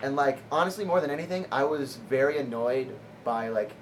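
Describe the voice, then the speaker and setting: Rambling comedian telling a story, noisy recording. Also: male voice, mid-range voice, animated, brisk. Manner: rambling, laughs often, many "like" fillers. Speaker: comedian guest. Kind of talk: casual storytelling. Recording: audible background noise.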